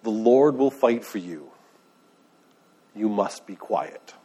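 A man's voice: fairly low pitch, expressive, takes it slowly, dark tone, husky. A man preaching a sermon in a conversational way, asking the listeners questions and retelling scripture in everyday words. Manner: conversational, asks the room questions. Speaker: pastor.

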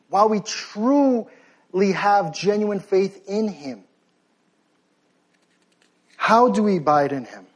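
A young man delivering a sermon in a high, light voice. He preaches with fervent intensity, building to loud, insistent commands. Between them he eases into quieter, self-deprecating asides. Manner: passionate, rising to near-shouting then softening to sheepish asides.

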